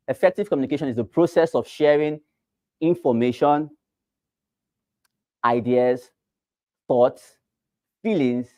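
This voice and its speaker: Nigerian male trainer, mellow dark tone, dry close sound, drills points by repeating them. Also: mid-range voice, no echo. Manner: repeats phrases and asks the class rhetorical questions. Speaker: real estate trainer. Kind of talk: teaching a class.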